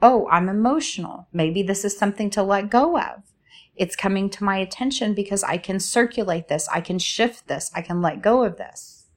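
A woman speaking as a spiritual coach in a slow, soothing, inviting way, asking many reflective questions. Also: mid-range voice. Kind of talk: reflective guided talk.

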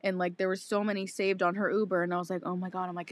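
A young woman in her twenties co-hosting a podcast, telling a story in casual, animated chat with lots of swearing and acted-out quotes. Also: on the low side, fast talker. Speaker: podcast co-host.

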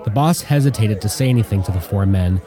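A man narrating an audiobook in an even, measured way. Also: lowish voice, some chatter behind.

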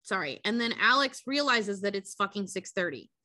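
Bright-voiced woman cohost, kinda high, swearing a lot while she recaps a movie, super dry close mic. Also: normal speed, no room sound. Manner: profane, animated retelling with quoted character voices. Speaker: podcast co-host. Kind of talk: casual chat recapping a movie.

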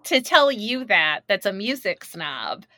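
A woman co-hosting a podcast in casual chat, playful and teasing, cutting in with quick remarks. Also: mid-range voice, very animated, bright, forceful tone, slight background noise. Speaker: podcast co-host.

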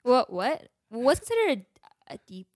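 A woman's voice: fairly high pitch, very animated, moderate pace, no echo, clean studio sound. A young woman co-hosting a podcast in casual chat, hedging her thoughts with lots of filler words. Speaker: podcast co-host.

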